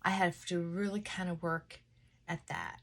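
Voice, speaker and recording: A woman vlogging a casual morning chat while getting ready at her mirror at home, talking in a reflective, self-coaching way that moves between brisk, pushy speech and a slowed, softened, almost whispered tone. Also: on the low side, steady tone. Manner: drops to a soft, near-whispered voice at times.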